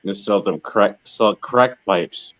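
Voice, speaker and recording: A man chatting casually as a guest on a livestream, relaxed and joking. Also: on the low side, takes it slowly. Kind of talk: casual chat. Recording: dull lo-fi sound.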